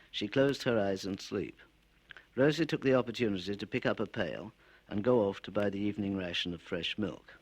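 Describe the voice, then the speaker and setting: Husky author reading his tales. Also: lowish voice, rough recording. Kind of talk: storytelling reading.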